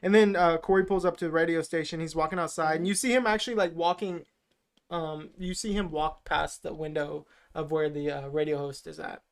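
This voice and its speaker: A man's voice: a little high, steady tone, brisk. A man co-hosting a podcast, rambling through a casual film recap with lots of fillers and swearing. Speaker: podcast co-host.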